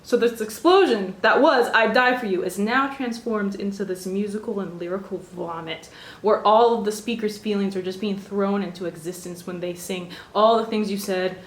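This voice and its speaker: A woman's voice: mid-range voice, moderate pace. Gushing young woman in echoey room. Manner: gushing, animated, laughs often. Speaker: vlogger reviewing an album. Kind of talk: casual chat. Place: bedroom.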